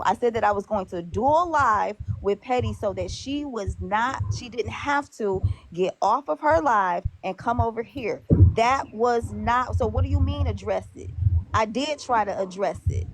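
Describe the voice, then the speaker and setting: A woman hosting a live stream, upset and blunt, swearing freely and hammering the same points over and over. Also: a little high. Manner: upset, blunt and profane, repeating her points. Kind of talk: heated live stream argument.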